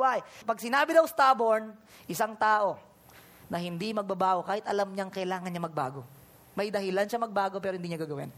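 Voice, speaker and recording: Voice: medium pitch, fast talker. A preacher from the Philippines with a Filipino accent, giving a sermon that switches between Tagalog and English and acts out conversations and scripture in different voices. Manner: animated, acts out conversations and Bible speeches in voices.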